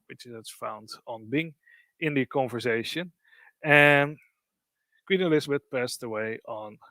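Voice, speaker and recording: A man's voice: medium pitch, a bit bright, dry recording. Man walking through a tech demo. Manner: explanatory, loose phrasing with frequent "kind of". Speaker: presenter. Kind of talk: live software demo walkthrough.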